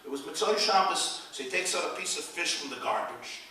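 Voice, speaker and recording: High-voiced male rabbi, animated preacher, far off in a reverberant hall. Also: brisk. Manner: animated, rising to loud peaks, Yiddish phrases. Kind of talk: inspirational speech with storytelling. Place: event hall. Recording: echoey hall, speaker far from the mic.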